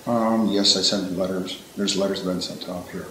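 Low-voiced weary man, echoey room. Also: fairly even intonation, normal speed, bright, forceful tone, a little hiss or hum.

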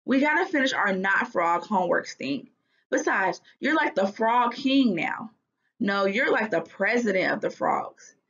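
A woman voicing a lively young girl who coaxes her little brother along in a playful, eager way. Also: mid-range voice, a little slow. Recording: dull lo-fi recording.

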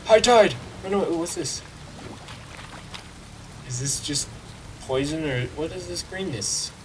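A man giving casual, excitable commentary while playing a video game, joking and talking back to the game. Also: on the high side, takes it slowly, far from the mic, noisy background. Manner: excitable, jokey, talks to the game. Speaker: let's play gamer.

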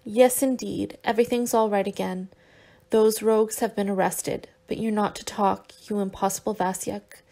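Woman reading a gentle coaxing young man, soft teasing, gravelly storybook voice. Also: medium pitch, steady tone, normal speed, close to an everyday voice. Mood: tender. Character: tender, teasing young man nursing his sick lover.

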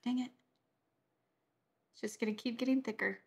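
A woman leads a relaxed watercolor lesson from her home studio, chatting while she paints. Her voice sits a bit high and carries a noticeable gravelly fry. She drifts between instructions and easygoing banter. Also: normal speed. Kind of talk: casual painting tutorial chat.

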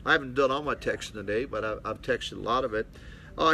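A man's voice: medium pitch, expressive, quick pace, pushed and bright, a little hiss or hum. An older man, a pastor, preaching bluntly to a small mission congregation and calling out to his listeners. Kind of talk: folksy preaching Bible study.

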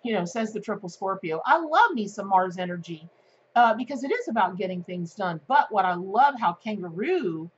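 A woman giving a daily tarot card reading to her viewers, chatty and excitable, with plenty of fillers. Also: mid-range voice, normal speed, lo-fi sound, a little hiss or hum. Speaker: tarot reader.

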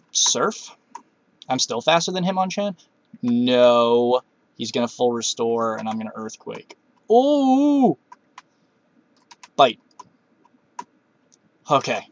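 A man's voice: mid-range voice, expressive, slow pace, pauses often. A man giving casual commentary while playing a video game, talking to himself and cursing at setbacks. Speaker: Let's Play gamer.

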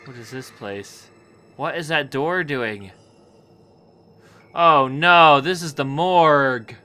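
A man's voice: a little high, takes it slowly, sharp tone, clean tone. A young man commentating a horror game, nervous and jumpy, chatting to objects around him and yelping at scares. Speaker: gaming YouTuber.

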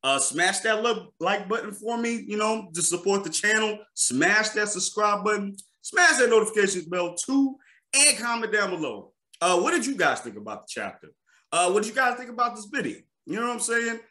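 A man hosting a podcast in casual chat, loud, hyped and slangy, often laughing. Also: high-pitched, expressive, moderate pace, echoey room. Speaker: podcast host.

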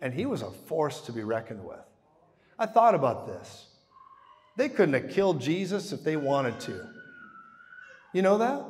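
A man preaching a sermon, telling the story in an animated way and acting out the dialogue with sudden swings in loudness. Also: fairly high pitch, measured pace, long pauses, in a large hall.

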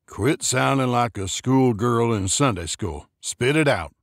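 A man voicing a gruff, short-tempered older man who talks in curt, clipped orders. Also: medium pitch, expressive, unhurried, no room sound, studio quality.

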